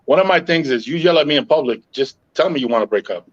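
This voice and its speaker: Calm-talking man host, slightly high pitch. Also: quick pace, dull audio. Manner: calm, even-tempered storytelling with frequent "yo" and profanity. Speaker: podcast host. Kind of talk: casual podcast chat.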